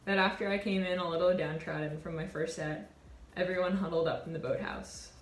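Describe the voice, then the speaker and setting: A woman in her twenties, a college sailor, telling a reflective personal story in an earnest, warm way. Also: fairly low pitch, fairly even intonation, fairly quick, roomy sound. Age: 20s. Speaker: college sailor and award winner.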